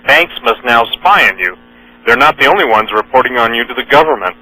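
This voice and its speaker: On a rough recording, a man hosts a radio talk show, reading news items and quotes aloud with earnest intent. His mid-range voice is animated, a bit fast, and sharp, and he uses plenty of fillers and often corrects himself mid-sentence.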